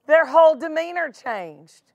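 High-voiced woman preaching. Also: expressive, measured pace, gravelly, a little mellow, no echo, lo-fi sound. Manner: emphatic, repeats phrases for stress. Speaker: pastor. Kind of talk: sermon.

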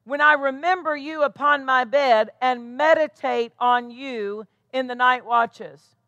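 High, bright-voiced American woman preaching. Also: no echo, lo-fi sound. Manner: emphatic, repetitive preaching with slowed, stressed scripture readings. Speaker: pastor. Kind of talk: sermon.

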